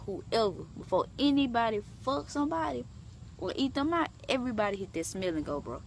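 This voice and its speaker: A young woman telling a story in a casual vlog, animated and profane, leaping up in pitch for emphasis. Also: brisk, vocal fry, slight background noise. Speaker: vlogger.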